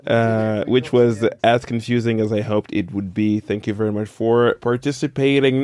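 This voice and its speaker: A man's voice: on the low side, steady tone, moderate pace, hardly any pauses, a little mellow, smooth, no echo, clean studio sound. A man co-hosting a podcast, running a quiz in a playful mock-grand tone, then chatting casually. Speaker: podcast co-host. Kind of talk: casual chat. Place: Paris.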